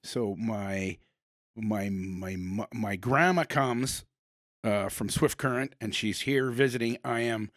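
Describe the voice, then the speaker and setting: A man's voice: fairly low pitch, fairly even intonation, slow, a bit bright, no room sound, studio quality. A middle-aged man hosting a podcast, rambling and telling stories in a casual, self-interrupting way. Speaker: podcast host.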